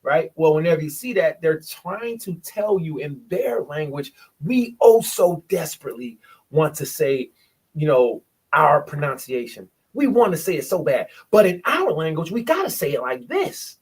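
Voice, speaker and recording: High-voiced man preaching emphatically. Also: normal speed, slightly rough. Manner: emphatic, animated, rhetorical questions. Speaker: bible study speaker. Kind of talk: casual preaching in group call.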